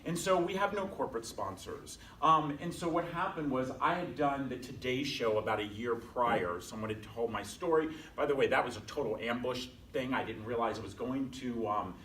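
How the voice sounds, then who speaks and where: A man's voice: medium pitch, normal speed, few pauses, a bit bright. A man tells his story to a class in a chatty, self-deprecating way, and he acts out the people he quotes. He sounds distant, as if picked up from across an echoey room. A faint hum of room noise sits underneath. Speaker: guest speaker. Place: conference room at a bank, from a distance.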